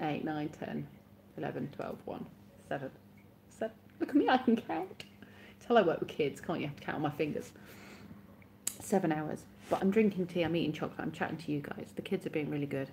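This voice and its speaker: A woman with a low-pitched, mellow voice chats casually with viewers on her live stream. She sounds sleepy and keeps yawning, but stays giggly and pokes fun at herself, with a faint hiss of noise behind her. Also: expressive, fairly quick, vocal fry. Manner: chatty, giggly, self-mocking.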